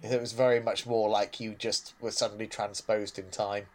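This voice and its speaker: A co-host with a lowish voice and little pitch movement talks at normal speed in a casual, sarcastic podcast chat about a TV episode, often breaking into laughter.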